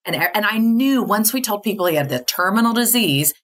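A woman's voice: mid-range voice, expressive, a little fast. A middle-aged woman, a podcast guest, telling her family story in candid conversation and often laughing. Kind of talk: casual interview conversation.

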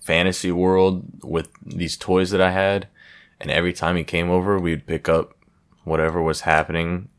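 A young man hosting a podcast, rambling casually with lots of swearing and self-deprecating asides. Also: low voice. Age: young adult. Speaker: podcast host. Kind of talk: casual solo podcast chat.

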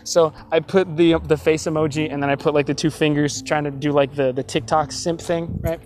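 A man's voice: on the high side, flat delivery, fairly quick, a little mellow, soft background music. Rambling young man telling a story. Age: young adult. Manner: rambling and chatty, many fillers and self-corrections, laughs often. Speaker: college student telling a story. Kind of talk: casual anecdotal storytelling.

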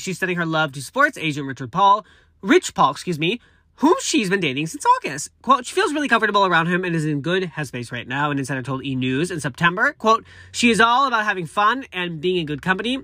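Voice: mid-range voice, very animated, brisk, bright, forceful tone, no echo, clean studio sound. A speaker in their thirties reading celebrity news aloud with chatty, gushing side comments. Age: 30s. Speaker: entertainment news vlogger.

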